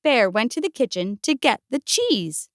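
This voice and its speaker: A woman gently and expressively reading a picture book aloud. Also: on the high side, big pitch swings, moderate pace, dry recording, clean studio sound. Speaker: storyteller.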